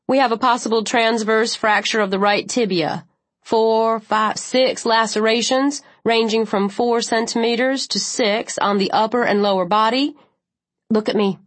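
Woman voicing a brisk young paramedic. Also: fairly high pitch, fairly even intonation, dry recording, natural voice. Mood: urgent, clinical. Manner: clipped, urgent questions.

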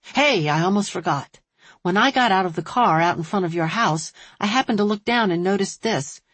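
A woman's voice: medium pitch, lively intonation, normal speed, fairly bright tone, breathy edge, dry recording. A woman voicing an earnest businesslike man. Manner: earnest and persuasive.

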